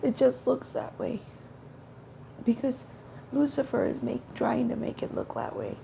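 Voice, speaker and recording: A woman's voice: fairly high pitch, big pitch swings, a little slow, gravelly, mellow, slight background noise. A woman telling a personal religious testimony in an earnest, repetitive storytelling way, quoting her prayers. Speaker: testimony speaker.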